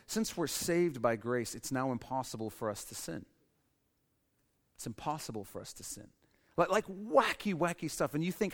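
Male pastor, animated sermon, acts out quotes, reverberant hall. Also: mid-range voice. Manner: animated preaching, acts out quoted voices, repeats key lines. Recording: echoey hall with long reverb.

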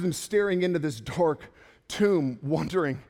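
A man's voice: high voice, normal speed, darkish tone, long reverb tail. A male pastor preaching a sermon in a church, fervent and storytelling.

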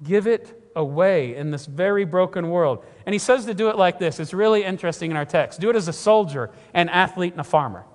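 Middle-aged male pastor, emphatic sermon delivery, high pitch, long hall reverb. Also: animated, fairly quick, few pauses. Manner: earnest, emphatic preaching, often repeats himself.

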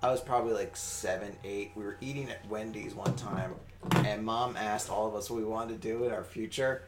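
A man's voice: on the low side, fairly even intonation, normal speed. Man with an echoey room sound. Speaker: podcast co-host. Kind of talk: casual chat. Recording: echoey room with faint hiss.

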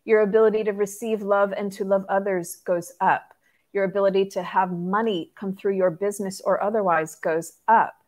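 Expressive woman spiritual mentor. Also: mid-range voice. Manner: earnest, expressive, laughs easily. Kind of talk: conversational podcast interview.

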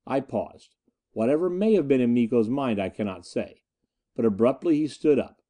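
A male narrator reads a first-person adventure story with dramatic expression. His mellow, dark voice moves through a lively range as the tale unfolds. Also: mid-range voice, normal speed. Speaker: audiobook narrator.

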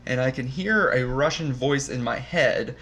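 A man's voice: mid-range voice, normal speed, fairly bright tone. A man co-hosting a casual beer review show, upbeat and laughing as he talks. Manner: upbeat, laughs while talking. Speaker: podcast co-host. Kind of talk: casual chat.

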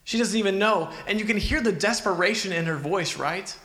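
A man's voice: sits high, a little fast, bright, forceful tone. A man preaching a sermon in an earnest, conversational way, asking the listeners questions. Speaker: pastor. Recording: echoey hall with long reverb.

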